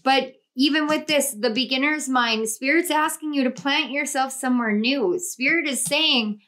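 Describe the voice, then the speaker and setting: A woman's voice: high-pitched, moderate pace, fairly bright tone. A woman reading tarot cards and guiding a visualization in a soothing, flowing way, often repeating herself. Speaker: tarot reader.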